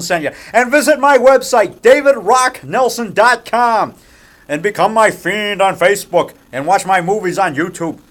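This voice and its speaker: High-voiced rambling showman of a man. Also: a bit bright. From Chicago area. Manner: rambling, repetitive, showman-like self-promotion. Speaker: horror movie maker and actor. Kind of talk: casual rambling vlog. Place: indoors in a small picture-framing shop.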